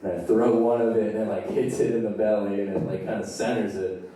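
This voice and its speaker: A man's voice: on the low side, little pitch movement, a little fast, dark tone. Laid-back young man telling stand-up, echoey. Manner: loose, swearing, laughing at his own story. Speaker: stand-up comedian. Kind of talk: live stand-up storytelling. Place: theater stage. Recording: echoey theater from far off.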